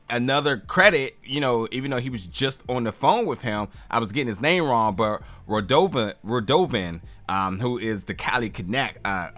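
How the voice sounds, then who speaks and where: A man's voice: mid-range voice, fairly bright tone. A man hosting a casual TV recap show, chatting and addressing his viewers. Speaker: TV review podcast host.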